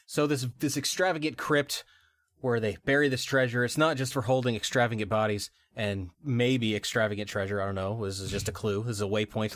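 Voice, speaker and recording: A man in a casual podcast chat walks through a game's story, trading jokes and poking fun at himself. His voice sits at an ordinary pitch and is recorded close and dry, with no room sound. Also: dry recording. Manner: joking and self-deprecating, laughs between lines. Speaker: podcast co-host. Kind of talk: casual chat recapping a video game.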